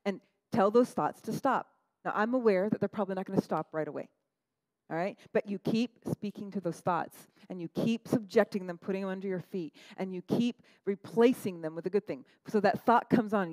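Animated woman pastor preaching. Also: mid-range voice, fairly quick, dry recording, rough recording. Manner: animated, conversational, frequent "right?" asides. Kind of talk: sermon.

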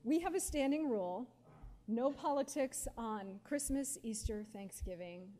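A woman in her forties, a guest speaker telling stories at a live question-and-answer session, animated and laughing often with lots of casual fillers. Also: a little high, a little slow. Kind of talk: storytelling at a live Q&A.

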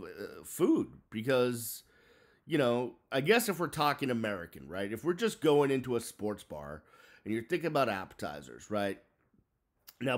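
Animated rambling man from the Boston area. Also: medium pitch. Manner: rambling, chatty, full of fillers and restarts. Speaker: vlogger. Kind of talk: casual rant to camera.

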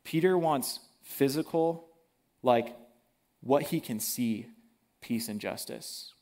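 A man preaching a sermon in a casual, animated way, using everyday slang. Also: medium pitch, slow.

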